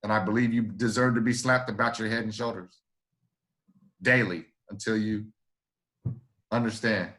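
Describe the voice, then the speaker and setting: A man's voice: lowish voice, steady tone, moderate pace, long pauses, fairly bright tone. A man co-hosting a podcast, talking emphatically with lots of swearing and restarts. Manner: emphatic, profane, repeats himself. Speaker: podcast co-host. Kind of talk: casual podcast chat.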